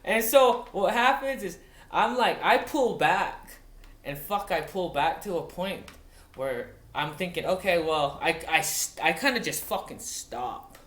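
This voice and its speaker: A man, a wildland firefighter from Montana, telling a story in a casual, profane way, halting and restarting often. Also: high-pitched, expressive, a bit bright. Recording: roomy echoey recording.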